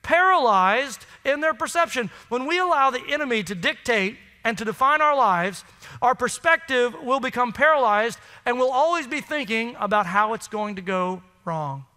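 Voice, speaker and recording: High, bright-voiced preacher in a hall. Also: male voice, expressive, moderate pace. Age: adult with children. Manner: emphatic, conversational preaching with rhetorical questions. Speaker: pastor. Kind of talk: sermon. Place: church sanctuary.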